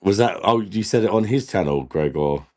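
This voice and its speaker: A man's voice: low voice, expressive, normal speed, darkish tone. A man hosting a casual live stream, laughing often and bantering with viewers in the chat while he drinks.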